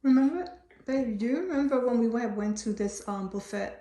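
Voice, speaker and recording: A woman's voice: fairly high pitch, lively intonation, a little fast, dark tone. A woman chatting casually with her husband, prompting him to recall a shared memory. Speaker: host's wife. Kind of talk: casual chat. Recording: echoey room.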